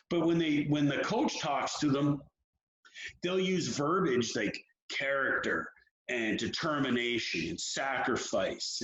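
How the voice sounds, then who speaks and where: A man who coaches young hockey players, talking frankly and telling stories in an animated way during an interview. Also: fairly high pitch, a little hiss or hum. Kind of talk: candid interview talk. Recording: roomy, dull lo-fi sound.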